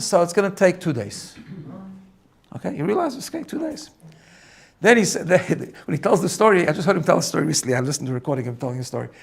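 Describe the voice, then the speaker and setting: A middle-aged man, a rabbi, telling a story in a lively way and often repeating words as he builds it up. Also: high voice, gravelly. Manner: animated, repeats words when excited. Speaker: rabbi teaching personal growth. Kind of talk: storytelling talk.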